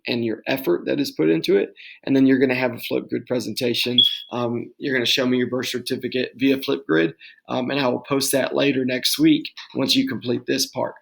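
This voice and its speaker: Gravelly-voiced man giving class instructions. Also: medium pitch, poor audio. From Texas. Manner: casual, loose, with many ums and okays. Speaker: teacher. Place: home office.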